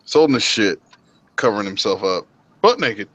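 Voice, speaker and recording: Swearing nonstop, a US livestream host rambles through long, animated stories while chatting casually with his friends. His voice is lowish and moderately paced, and the recording is rough.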